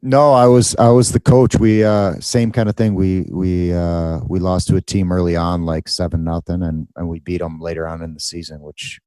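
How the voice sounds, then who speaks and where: Deep-voiced joking male co-host. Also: little pitch movement, normal speed, hardly any pauses, mellow, no room sound. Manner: joking, opinionated, laughs easily. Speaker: podcast co-host. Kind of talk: casual chat.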